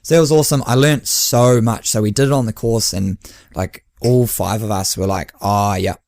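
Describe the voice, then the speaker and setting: A man's voice: lowish voice, fairly even intonation, normal speed, gravelly, a little mellow, no room sound. A man, co-hosting a podcast and chatting casually as an endurance coach, often laughing and acting out his own dialogue. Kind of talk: casual chat.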